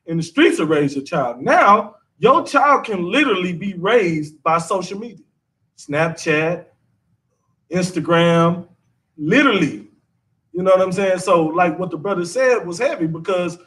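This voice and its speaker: High-voiced man teaching scripture. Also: animated, measured pace, fairly bright tone, recorded from a distance. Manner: conversational, repeats himself, drawling slang.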